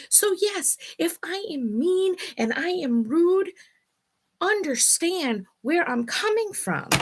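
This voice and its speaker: A woman's voice: high voice, fairly bright tone. A middle-aged woman hosting her own video, talking candidly and bluntly, with swearing as she vents about home life. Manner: blunt, profane, venting. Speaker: vlog host. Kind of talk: candid personal chat.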